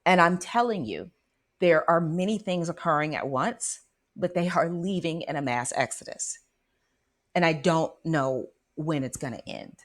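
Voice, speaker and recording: A woman hosting a spiritual radio show, telling a personal story in an animated, dramatic way and often checking in with her listeners. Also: deep voice, measured pace.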